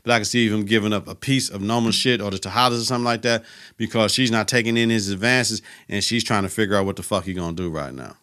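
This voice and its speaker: A man's voice: fairly low pitch, quick pace, a bit bright, smooth. A man hosting a podcast, retelling a TV episode in a casual, profane, slang-filled way. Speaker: podcast host.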